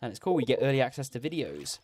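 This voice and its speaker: A man's voice: medium pitch, big pitch swings, quick pace, darkish tone, slight background noise. A man hosting a gaming livestream, rambling casually, laughing often and correcting himself mid-sentence.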